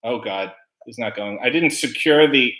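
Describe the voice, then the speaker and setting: A man's voice: medium pitch, normal speed, bright, forceful tone. A man hosting a casual livestream, reading chat comments aloud with playful, wry asides.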